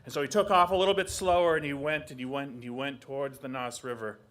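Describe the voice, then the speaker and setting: Animated male oral storyteller. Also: mid-range voice, fast. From southeast Alaska. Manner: animated, uses sound effects. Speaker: storyteller and artist.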